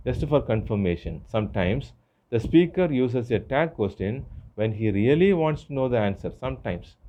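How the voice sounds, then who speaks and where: A man teaching an English grammar lesson, explaining step by step with frequent pauses and fillers. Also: mid-range voice, lo-fi sound, slight background noise. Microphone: phone screen recorder.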